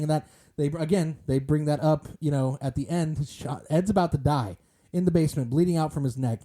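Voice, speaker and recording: Male podcast co-host, deep-toned and mellow, chatty and rambling. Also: a little fast. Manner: rambling, many fillers and restarts. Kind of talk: casual movie discussion.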